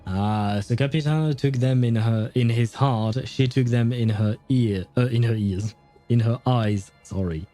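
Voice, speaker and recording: A man's voice: mid-range voice, unhurried, mellow, faint music behind. A man commenting on a game on a livestream, chatty and hesitant with frequent laughs. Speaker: livestream host. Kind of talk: gameplay commentary.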